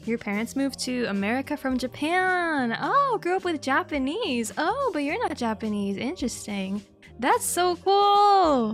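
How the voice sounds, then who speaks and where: A woman's voice: on the high side, a bit bright. A young woman hosting a VTuber stream, chatting casually and reading chat, giggling often and swearing freely. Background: faint background music.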